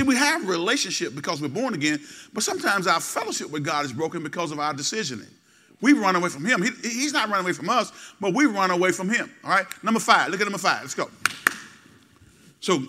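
A middle-aged male pastor delivers a sermon in a high, piercingly bright voice. He leans on repetition and call-and-response, dropping low for asides and then rising into loud exhortation.

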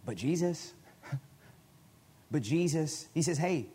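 A man preaching a sermon in a conversational way, often restarting his phrases and breaking into sudden loud bursts. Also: medium pitch, animated, moderate pace, slightly rough. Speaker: guest preacher.

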